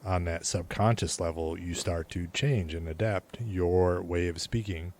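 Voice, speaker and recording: Man from the Midwest with a very deep voice, matter-of-fact podcast co-host. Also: measured pace, a little mellow. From American Midwest. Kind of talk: casual chat.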